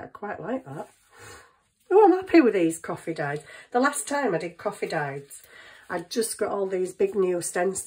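A woman's voice: on the low side, a little mellow, slight background noise, rough recording. A woman chatting casually in her home kitchen, thinking aloud as she works on a craft. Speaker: craft vlogger.

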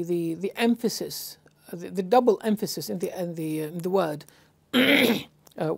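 A woman giving a slow, explanatory lecture on translating scripture, halting often with fillers and restarts. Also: mid-range voice, a little mellow. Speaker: Qur'an translation teacher.

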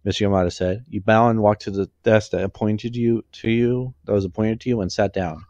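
A man reading a fan story aloud, halting and correcting himself as he goes. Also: lowish voice, fairly even intonation, darkish tone, no echo, highs cut off. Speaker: fanfiction reader.

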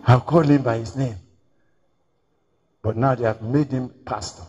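A man's voice: medium pitch, steady tone, a little slow, darkish tone, husky. A man preaching a storytelling sermon, acting out dialogue and repeating key phrases. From Nigeria.

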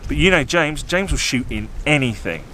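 A man's voice: mid-range voice, lively intonation, normal speed, sharp tone. A man, a landscape photographer talking to camera outdoors on snowy, windy hills through a small camera mic. He is chatty and self-deprecating, with light jokes. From southern England. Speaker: landscape photographer and workshop host. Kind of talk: outdoor vlog commentary to camera. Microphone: small on-camera microphone. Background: wind.

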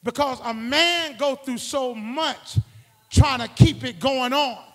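A man preaching a call-and-response sermon, swinging from quiet asides to shouted exhortations. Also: very high voice, takes it slowly, big-room sound. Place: church sanctuary.

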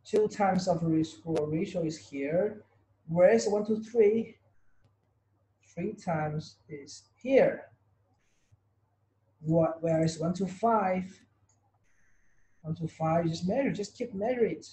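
A man teaches an online trading class, repeating points and firing rhetorical questions at his students. His voice sits high for a man, with a soft, mellow tone. The sound is roomy, with a clear echo. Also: slow, long pauses. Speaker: trading tutor. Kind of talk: online webinar lesson.

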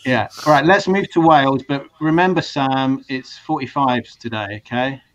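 A man's voice: medium pitch, moderate pace. A man hosting a casual video-call talk show, chatty and hesitant, often restarting his sentences. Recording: dull lo-fi stream audio.

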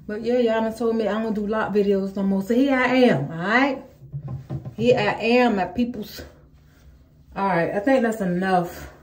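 A woman's voice: medium pitch, moderate pace, darkish tone. Chatty woman vlogger in an echoey room. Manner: chatty, addresses viewers as y'all, many ums. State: out of breath. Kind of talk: casual hair-care tutorial vlog. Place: home, indoors.

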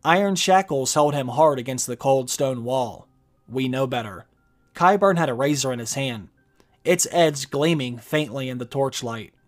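Man, mid-pitched voice, measured explainer narration, book reading, quiet steady delivery. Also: soft background music. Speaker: video narrator.

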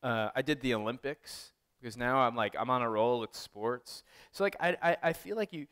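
Guy rambling through stories at a gallery talk, super clear smooth voice, says like a lot. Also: mid-range voice, normal speed, a bit bright. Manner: rambling storyteller, many "like"s and restarts. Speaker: photographer giving an artist talk. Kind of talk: casual anecdotal presentation.

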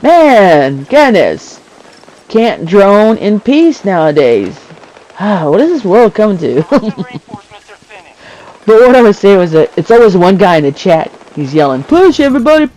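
A man's voice: sits high, big pitch swings, a little slow, a little mellow, rough recording. A man giving casual, jokey commentary over his own gameplay, chuckling often and talking back to the game. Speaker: gamer narrating his play.

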